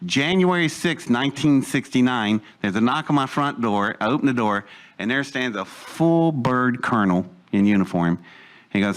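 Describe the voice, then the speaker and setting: A man's voice: medium pitch, animated, normal speed. Older male storyteller, live audience, rambling and digressive, chuckles through his asides. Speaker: speaker telling a life story.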